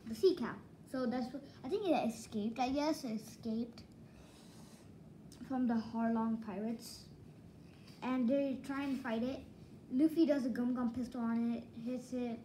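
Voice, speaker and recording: Slow-talking excitable woman reviewer. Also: sits high, slight background noise, rough recording. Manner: rambling, excitable, heavy use of "like". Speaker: manga reviewer. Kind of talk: casual spoken review.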